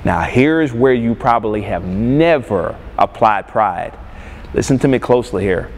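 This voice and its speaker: Slow, emphatic preacher in a reverberant hall. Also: male voice, on the low side, animated. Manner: calls for congregation responses, slow emphatic delivery. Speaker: pastor. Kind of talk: sermon. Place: church sanctuary. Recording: long hall reverb, faint background noise.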